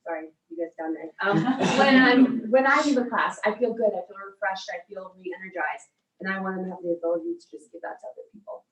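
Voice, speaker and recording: A woman's voice: medium pitch, brisk, a bit bright. Laughing woman in an echoey studio. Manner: chatty, laughing often. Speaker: yoga teacher trainee. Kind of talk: casual group introduction. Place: yoga studio room with a group. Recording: roomy sound from a far mic with faint noise.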